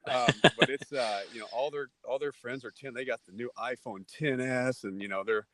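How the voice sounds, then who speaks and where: A man in his forties from Texas, a podcast guest telling lively, casual anecdotes and acting out the voices in them. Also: medium pitch, moderate pace, no room sound. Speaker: podcast guest, former ballplayer. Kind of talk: casual storytelling.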